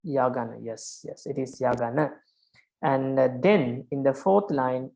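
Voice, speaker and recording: Woman teacher, deep low voice, patient and repetitive, spells out syllables slowly. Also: creaky, mellow. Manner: patient, repeats key words, checks with "right?"; sounds out verse syllable by syllable. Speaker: Pali prosody teacher. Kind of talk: online language lesson.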